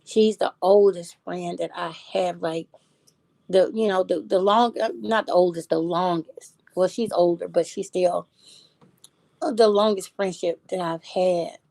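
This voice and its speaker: A grieving middle-aged woman talks in a halting, soft-spoken way, pausing to search for her words. Her voice has a gravelly, creaky edge. The sound is close and dry. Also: on the low side, fairly even intonation, no room sound. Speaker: channel host. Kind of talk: casual heartfelt chat.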